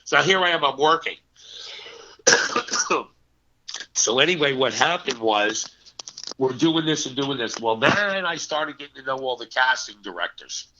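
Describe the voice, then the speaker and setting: Bright-voiced New man telling stories. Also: medium pitch, measured pace, pauses often, slight background noise. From New Jersey, US. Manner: animated anecdotes with quoted voices. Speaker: actor guest. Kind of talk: casual storytelling interview. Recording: muffled lo-fi audio.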